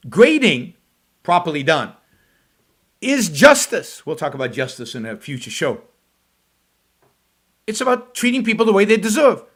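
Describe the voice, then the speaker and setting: A man's voice: sits high, very animated, normal speed, pauses often, a bit bright, husky. A middle-aged man hosting a talk show, mocking a video clip in scornful, emphatic commentary. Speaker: show host reacting to a clip.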